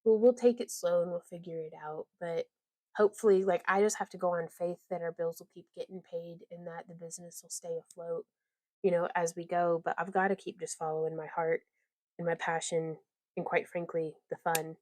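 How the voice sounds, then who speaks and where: A woman chats her way through a crafting livestream, rambling and laughing often as she reads out viewer comments. Her voice sits a little low, and the sound is dry and close. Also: level tone, fairly quick, darkish tone, dry recording. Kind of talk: casual livestream chat while crafting.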